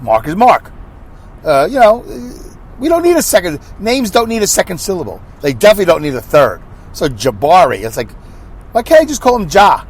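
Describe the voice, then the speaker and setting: A man hosting his own podcast, rambling in a chatty, self-mocking way while he drives. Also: on the high side. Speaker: podcast host. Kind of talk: rambling solo podcast talk. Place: inside a moving van, driving.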